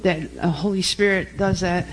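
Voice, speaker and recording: A woman's voice: on the low side, steady tone, moderate pace, slight background noise, poor audio. A woman, a preacher's wife, giving an earnest, emotional testimony in church.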